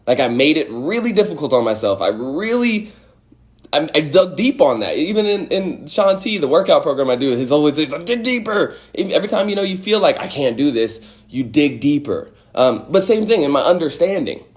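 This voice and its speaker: Animated man giving a motivational talk. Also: a little high, normal speed. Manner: animated, acts out angry and scared voices, swears. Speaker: host. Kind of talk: casual motivational talk on a livestream.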